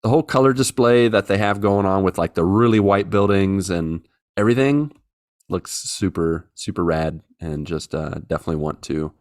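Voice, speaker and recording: Reading out listener messages, a podcast co-host chats casually and cracks jokes. His voice sits low and moves at a normal speed, captured in a studio-quality recording with no room sound.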